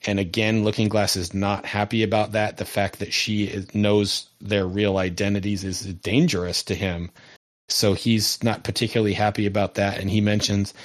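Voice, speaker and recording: A man casually recapping a TV episode as a podcast co-host, lively and often laughing as he tells it. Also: lowish voice, moderate pace.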